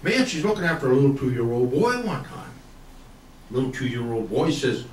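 A man's voice: medium pitch, sing-song, moderate pace, distant mic, a little hiss or hum. A man telling comic country yarns on stage in a folksy, slangy way, chuckling through his lines. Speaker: country comedian storyteller. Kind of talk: stand-up comic storytelling. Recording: roomy, from off the mic.

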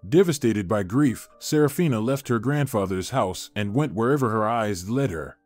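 A man narrating a dramatic family story in an even, measured storytelling manner. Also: fairly low pitch, no room sound. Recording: dry voice with faint music.

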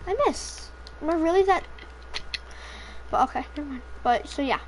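High-pitched girl chatting while she plays, rambly, swears a bunch, sounds kinda tired, little bit of noise behind. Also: lively intonation, moderate pace, darkish tone. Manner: rambling, swears freely, self-deprecating. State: tired, throat feels off. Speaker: gamer commentating gameplay. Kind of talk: casual gameplay commentary.

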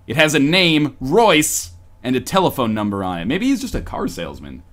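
Animated man reading a romance story aloud. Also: medium pitch, normal speed. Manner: animated, breaks off for joking asides. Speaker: podcast co-host.

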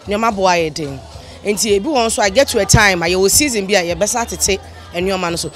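A woman trader with a Ghanaian accent answering a street interview in a calm, matter-of-fact way. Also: medium pitch, brisk, soft background music. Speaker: market trader.

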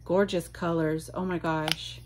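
Slow-talking woman gushing over an unboxing. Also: low-pitched, level tone, background noise. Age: adult. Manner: gushing, exclamatory, chatty. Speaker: vlogger unboxing mail. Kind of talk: casual unboxing chat.

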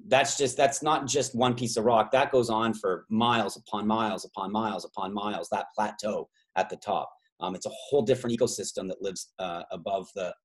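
A man from Canada hosting a travel trivia game over a video call, rambling through side stories with many fillers. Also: lowish voice. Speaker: trivia host and tour guide.

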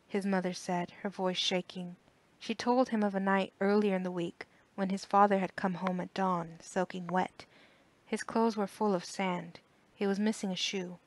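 A woman giving calm, measured scripted narration of an audiobook. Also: medium pitch.

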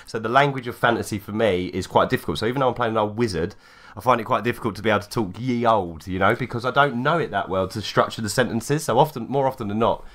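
Quick-talking british guy co-hosting a podcast, laughs loads. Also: lowish voice, fairly bright tone. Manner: quick, laughs often, agreeable. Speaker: podcast co-host. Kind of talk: casual chat.

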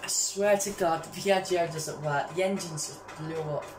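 A woman giving casual gameplay commentary as a vlogger, excitable and constantly calling out to her viewers. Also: low-pitched, normal speed, roomy sound, noisy background. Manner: excitable, keeps addressing viewers as guys. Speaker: gaming vlogger.

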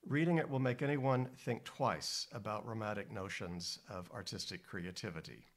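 A man giving a measured, deliberate scripted lecture as a music historian, with emphatic stresses. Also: mid-range voice.

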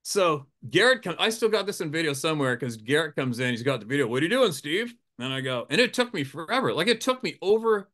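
Hunting guide, male, bright and a bit high, profane, animated storyteller who laughs a lot. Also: fast talker, few pauses. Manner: animated, profane, laughing often, acts out quotes in a raised voice. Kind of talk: casual storytelling. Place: campfire outdoors.

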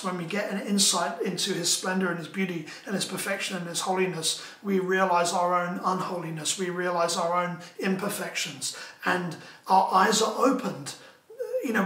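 Bright-voiced emphatic male pastor. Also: sits high, roomy sound, rough recording. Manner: emphatic, repetitive call-and-response phrasing. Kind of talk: sermon. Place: church.

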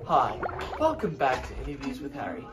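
A man hosting a casual backstage interview, reading out numbered questions haltingly. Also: mid-range voice, sing-song, very noisy. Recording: distant mic with music behind.

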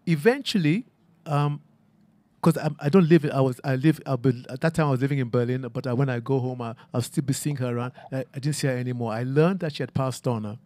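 Musing aloud in a reflective, conversational artist talk at a garden event, a male photographer keeps finishing his phrases with a questioning "huh?". His voice is mid-range and darkish, his pace quick, and the recording has no echo.

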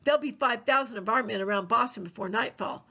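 A woman's voice: a little high, fast, vocal fry, pushed and bright, full character voice. A woman voicing a weary male village reverend who speaks plainly and reassuringly. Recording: dull lo-fi recording.

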